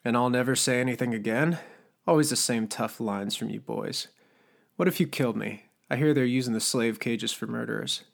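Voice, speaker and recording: A scarred, disgraced cook with a gravelly, creaky voice, as a male narrator puts him on. He talks in a sly, needling way, coaxing and pressuring. The pitch sits mid-range, like an ordinary man's. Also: moderate pace, natural voice. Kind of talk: audiobook character voice.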